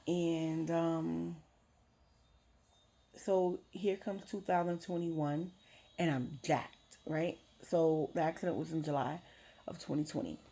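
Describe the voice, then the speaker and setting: A woman's voice: lowish voice, warm tone, slightly rough. A young adult woman vlogger frankly telling a personal story, emotional and swearing casually.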